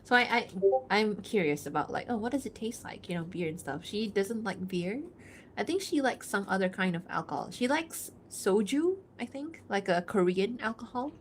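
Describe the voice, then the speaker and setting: A woman's voice: medium pitch, animated, normal speed, slight background noise. Chatty, giggly woman streamer. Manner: chatty, giggles often, thinks aloud with fillers. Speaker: livestreaming artist. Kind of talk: casual chat reading and answering chat.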